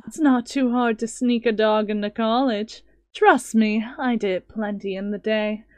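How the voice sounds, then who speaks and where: A woman voicing a dry-witted, sarcastic woman who works at a dog shelter in a dating game, speaking in a flat, deadpan way. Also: a little high, a little slow, no room sound, voice pushed down, close to an everyday voice.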